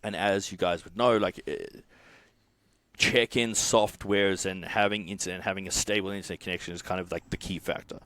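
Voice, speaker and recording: A man who coaches and co-founded a software company, telling a casual podcast story full of swearing, restarts and fillers. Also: low-pitched, fairly even intonation, moderate pace, dry recording. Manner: swears often, rambling with restarts.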